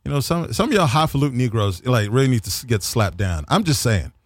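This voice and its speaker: Here a man with a mid-range voice and big pitch swings rants quickly about politics in a jokey, mocking style. He rambles, restarts, fills gaps with filler words, and imitates those he quotes; the studio recording is dry.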